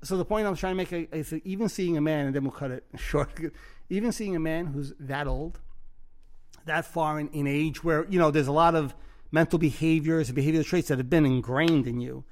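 A man hosting a casual podcast, voice sitting a touch higher than most men's. He talks in an earnest, reflective way, circling back and restarting phrases as he thinks aloud. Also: fairly quick. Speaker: podcast host and author. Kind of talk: casual conversational podcast chat.

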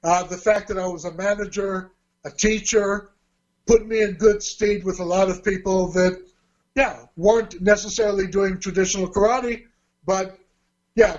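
A man's voice: high voice, highs cut off. A man, a martial arts teacher and fight promoter, telling his story in an interview in a chatty way with restarts. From Australia. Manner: chatty, with restarts and quoted dialogue.

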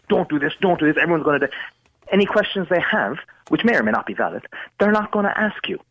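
A man's voice: a little high, fairly bright tone, slightly rough, no room sound, lo-fi sound. A man, a teacher and parent, reasoning through a point in a radio discussion. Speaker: schoolteacher, parent.

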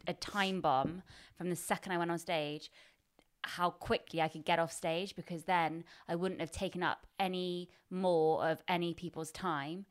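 Female co-host, casual chat, low-ish voice, swears freely, teasing outrage. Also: fairly even intonation, moderate pace. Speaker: podcast co-host.

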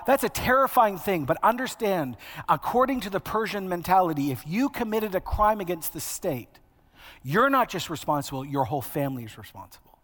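A male preacher delivering a sermon in a conversational, wry way, building emphasis through repetition. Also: on the high side. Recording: long hall reverb.

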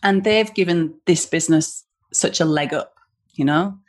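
A woman speaking over a video call, with a slightly low voice. She talks in a chatty, storytelling way, with plenty of fillers, and acts out the lines of people in her story. She sounds like a founder being interviewed as a guest. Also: normal speed. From Western Australia. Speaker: guest, small business founder.

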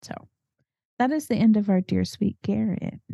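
A woman co-hosting a podcast, retelling a movie in a chatty, animated way and swearing freely. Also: medium pitch, moderate pace, gravelly, slightly rough, no echo, clean studio sound. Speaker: podcast co-host. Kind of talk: casual movie recap chat.

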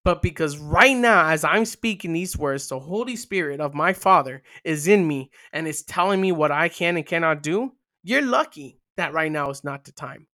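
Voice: medium pitch, expressive, moderate pace, pushed and bright. A podcast host paraphrasing Jesus in the first person, as a restrained, indignant man holding back judgment, speaking intensely and emphatically.

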